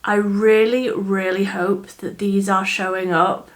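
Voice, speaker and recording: A woman's voice: mid-range voice, level tone, slow. A woman with a Yorkshire accent, chatting enthusiastically through a makeup review, with fillers and laughs. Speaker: beauty vlogger. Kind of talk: casual makeup review chat. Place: indoors under artificial light.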